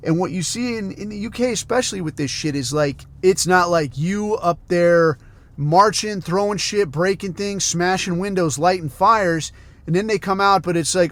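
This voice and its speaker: A man's voice: high-pitched, moderate pace, a bit bright. A man from the United States, hosting a podcast and ranting in a heated, profane, sarcastic way. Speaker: podcast host.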